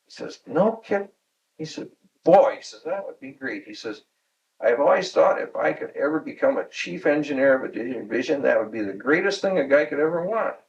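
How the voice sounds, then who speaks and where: A man's voice: mid-range voice, lively intonation, brisk, creaky, recorded from a distance, muffled recording. A man in his sixties from Michigan, recalling workplace anecdotes at home in an oral history interview, chuckling and acting out quoted dialogue. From Michigan, USA. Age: 60s. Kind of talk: storytelling reminiscence.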